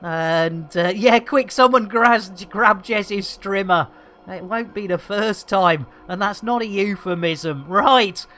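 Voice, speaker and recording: A man's voice: sits high, slow, pushed and bright. A man hosting a live gameplay stream, rambling through jokey banter and cheeky asides. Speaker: livestream host.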